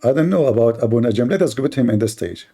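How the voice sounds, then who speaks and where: A man's voice: medium pitch, animated, fast talker, dark tone, husky. A man hosting a live online debate, arguing in a sarcastic, combative way. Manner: sarcastic, argumentative. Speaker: debate host.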